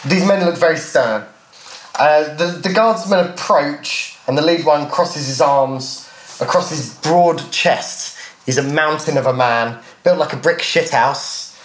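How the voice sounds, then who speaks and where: A man's voice: on the high side, a little slow, echoey room, a little hiss or hum. A man narrating a tabletop game as game master, playful and descriptive. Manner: playful, descriptive, laughs at own jokes.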